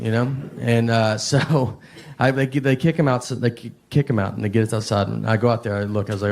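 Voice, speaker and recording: A man from Tennessee with a Southern accent, doing stand-up with a low-key, deadpan, rambling delivery. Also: normal speed, a crowd in the background. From Nashville, Tennessee. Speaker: stand-up comedian. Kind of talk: stand-up storytelling. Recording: noisy live stand-up recording.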